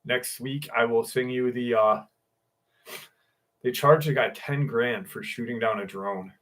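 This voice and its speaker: A man in his early sixties chats slowly and loosely on a livestream from his home. His voice sits at an ordinary middle pitch. He swears casually and calls out viewers by name. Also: a bit bright. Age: 60s. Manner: casual, profane, greets chat viewers by name. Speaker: livestream host.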